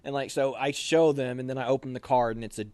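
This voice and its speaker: Brief: young adult man, officer candidate, animated storyteller, dry close sound, middle pitch. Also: fast talker, clear, resonant tone, no room sound. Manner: animated, acts out quoted voices. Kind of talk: casual storytelling.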